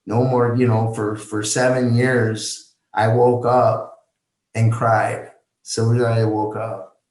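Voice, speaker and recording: A man guest on a podcast, slowly retelling a deeply personal story with halting restarts and quoted dialogue. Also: little pitch movement, darkish tone, roomy sound, rough recording.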